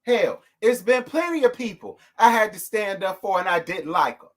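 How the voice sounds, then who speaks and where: Sassy fired-up man with a high voice. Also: animated, normal speed, a bit bright. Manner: sassy, fired-up, blunt with cursing. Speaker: host. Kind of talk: casual live-stream rant.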